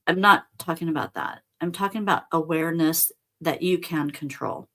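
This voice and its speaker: A middle-aged woman, a spiritual teacher, hosts a casual spiritual talk, speaking earnestly and conversationally straight to her listeners. Her voice is low-pitched and a bit bright, at a moderate pace.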